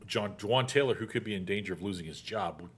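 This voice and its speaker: A middle-aged man hosting a casual show, chatty and quick to joke. His voice sits fairly low, and he laughs often between points. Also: slightly rough. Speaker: show host. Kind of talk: casual chat.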